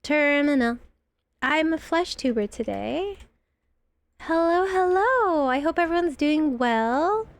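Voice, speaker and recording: A woman's voice: extremely high pitch, sing-song, slow pace. A woman streaming a game live, panicking and laughing as she talks to her chat. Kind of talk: live gameplay commentary.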